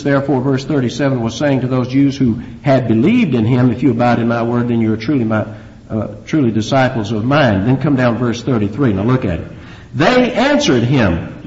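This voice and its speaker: A male pastor teaching scripture in a lively, swinging voice, his pitch pitched a little high and jumping up sharply for emphasis. He fires rhetorical questions at the congregation. The recording sounds dull and lo-fi. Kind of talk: expository sermon.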